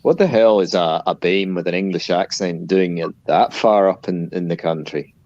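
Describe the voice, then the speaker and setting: Deep-voiced male streamer, teasing, on a muffled dry mic. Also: moderate pace, darkish tone. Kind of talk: casual chat.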